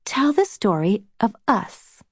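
A woman's voice: medium pitch, very animated, slow, slightly rough, dry recording, clean studio sound, heavily acted. A woman voicing a restless, impatient young girl who whispers and pleads in a storybook reading. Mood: eager whisper.

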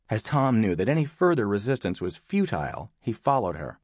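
A man narrating an audiobook in an expressive storytelling manner. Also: fairly low pitch, a little fast, few pauses, breathy edge, no room sound, clean studio sound. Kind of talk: scripted narration.

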